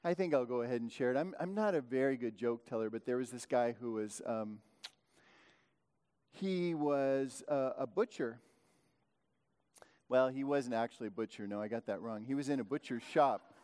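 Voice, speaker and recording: A man's voice: mid-range voice, normal speed, long pauses, mellow, clear, resonant tone. Man preaching in a reverberant hall. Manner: rambling, self-correcting, many restarts. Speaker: pastor. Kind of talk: sermon.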